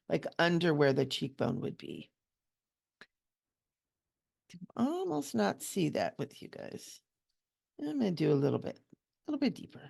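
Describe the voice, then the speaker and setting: A woman with a deep, very gravelly voice talks her way through a coloring session. Her manner is gentle and chatty, and she coos softly over the little details of the picture. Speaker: coloring channel host and hypnotherapist. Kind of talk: relaxed chatty coloring tutorial.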